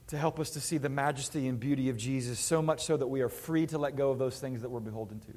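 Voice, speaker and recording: A man's voice: medium pitch, fast, hardly any pauses, darkish tone. A male pastor delivering a sermon to his congregation in an earnest, emphatic preaching manner.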